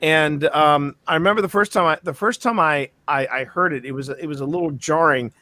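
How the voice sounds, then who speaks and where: A man's voice: on the high side, brisk, bright, forceful tone. A man co-hosting a casual podcast chat, telling rambling stories full of restarts. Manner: rambling storyteller, restarts, mimics accents. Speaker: podcast co-host.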